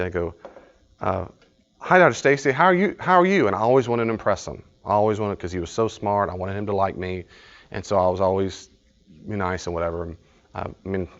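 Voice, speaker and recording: A man's voice: sits low, fairly even intonation, quick pace, highs cut off. A man leading a live study group. He teaches informally, tells stories, acts out conversations and laughs often.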